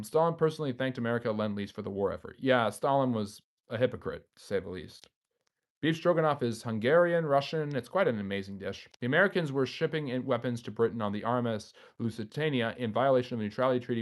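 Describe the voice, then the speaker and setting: A man's voice: medium pitch, expressive, fast talker. A man hosting a history channel's live stream, reading viewer comments aloud and answering them off the cuff.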